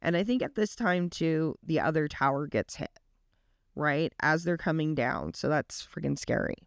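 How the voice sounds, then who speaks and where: A reaction vlogger, a woman with a low, gravelly-edged voice, retells a story earnestly and casually, leaning on its emotional moments. She's animated and speaks at normal speed, and the sound is dry and close with no echo.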